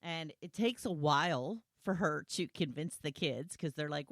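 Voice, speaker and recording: A woman's voice: sits low, a little slow, no room sound, clean studio sound. A woman hosting a solo podcast, talking conversationally and retelling scenes with quoted lines. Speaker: podcast host.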